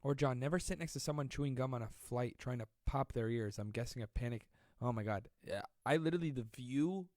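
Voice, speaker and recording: A man hosts a casual live stream from his home, and his talk is joking and self-mocking. He rambles from one story to the next and reads out viewer comments. He is close on a dry-sounding mic, with pitch in an ordinary middle register. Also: brisk, few pauses, a little mellow, dry recording. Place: at home during quarantine. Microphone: close desk mic.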